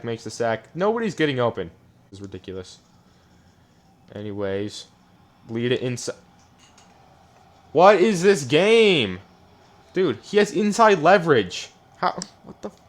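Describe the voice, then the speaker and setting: A young man talks over his football video game as he plays it, mid-pitched and casual. He complains and rants a lot, and his voice swings from low grumbling to loud outbursts. He records on a desk mic. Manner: frustrated, ranting, swings between muttering and yelling. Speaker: gaming YouTuber. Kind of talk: live gameplay commentary. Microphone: desk microphone.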